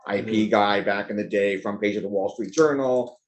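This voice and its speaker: A man's voice: on the low side, normal speed. A man hosting a business event, giving rambling, conversational opening remarks that jump between asides. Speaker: event host and organizer.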